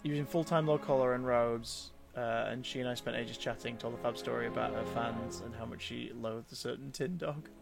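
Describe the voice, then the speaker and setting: Gravelly man chatting on stream. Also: medium pitch, steady tone, brisk, few pauses, music in the background. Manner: chatty storyteller, rambling with restarts, reads out chat. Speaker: game streamer. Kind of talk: casual live-stream chat.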